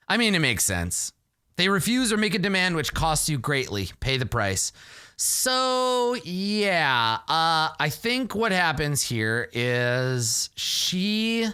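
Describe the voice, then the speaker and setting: Animated guy thinking out loud during a solo tabletop game, bright voice, dry sound. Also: a little high, clean tone, no echo. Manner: animated, self-deprecating, thinks aloud.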